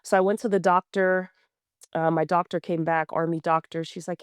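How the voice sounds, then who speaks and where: Woman, thirties, blunt candid storytelling, smooth clear voice, dry close sound. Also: sits low, fairly even intonation, a little fast, no room sound. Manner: blunt, plain-spoken, many fillers and restarts. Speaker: guest runner.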